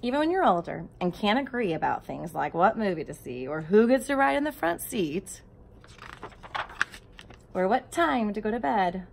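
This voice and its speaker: A woman reading a storybook aloud and then talking tenderly to her grieving nephews, often dropping into a soft whisper. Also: mid-range voice, very animated, normal speed, vocal fry, a little hiss or hum. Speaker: aunt speaking to grieving nephews.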